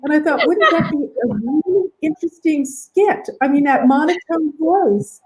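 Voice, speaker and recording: A woman's voice: sits high, animated, normal speed, poor audio. A woman artist speaking as a guest on a video call, thoughtful and wry. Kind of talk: casual video call interview.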